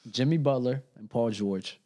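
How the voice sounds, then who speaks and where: A man's voice: mid-range voice, moderate pace, dark tone. A young man, a podcast guest, talking casually in slang and swearing freely, nervous and with the hiccups. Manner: slangy, swears freely, says bro a lot. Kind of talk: casual chat.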